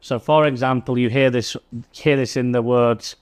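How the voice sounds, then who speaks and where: A man teaching English pronunciation, slowly repeating example words with clear emphasis. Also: mid-range voice, fairly even intonation. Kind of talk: slow, careful pronunciation lesson.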